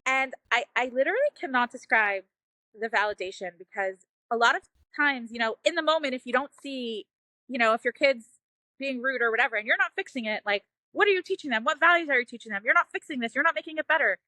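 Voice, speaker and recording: High, bright earnest woman. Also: fast talker, dry recording. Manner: earnest, emotional, frequent "like" and "you know". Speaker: parenting guest, mother. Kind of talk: heartfelt personal storytelling.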